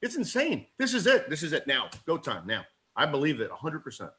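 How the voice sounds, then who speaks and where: A man talking as a sales agent on a group call, excitable and rambling, quick to laugh and calling himself a goofball. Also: fairly high pitch. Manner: self-described goofball. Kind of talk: casual call-in chat.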